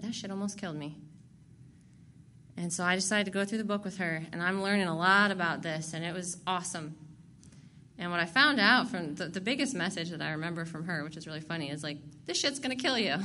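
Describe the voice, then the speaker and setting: A woman's voice: on the low side, fairly even intonation, fairly quick, sharp tone, slight background noise. Blunt, profane woman telling her story. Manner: blunt and profane, laughs at herself. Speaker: speaker sharing recovery story. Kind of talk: candid personal testimony.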